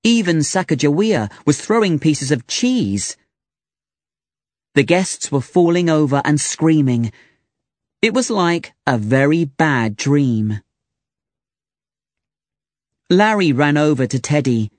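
Slow, deliberate storybook narrator, man. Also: a little high, sing-song, a little mellow, no echo.

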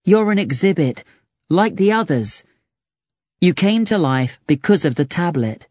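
A man's voice: high voice, lively intonation, measured pace, darkish tone, no echo, pitched above the performer's own voice. A reader voicing Larry, an earnest grown man who pleads in a storybook reading. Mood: gentle.

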